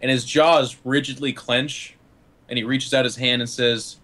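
A man's voice: mid-range voice, fairly even intonation, normal speed, bright, forceful tone. A man playing a tabletop role-playing game, describing his character in a casual, laughing way and swearing freely. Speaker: player.

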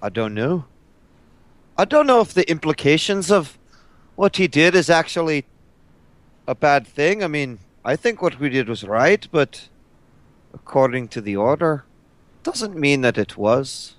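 Male player in character, blunt drawl, smooth dry voice. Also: on the high side, very animated, a little slow, pauses often, no room sound. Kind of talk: in-character role-play.

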